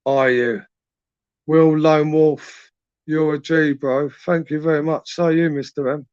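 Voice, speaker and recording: Young male streamer, crude laddish late-night banter, a bit high-pitched, dull lo-fi mic sound. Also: fairly even intonation, a little slow, a little mellow, clear, resonant tone, no room sound. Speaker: livestream host reading chat. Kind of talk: late-night live chat.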